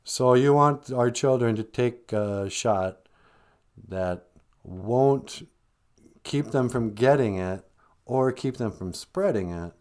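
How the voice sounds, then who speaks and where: A male podcast host talks in a dry, sarcastic comic manner. His voice sits at an average pitch. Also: slow pace, a little mellow. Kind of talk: comedic podcast monologue.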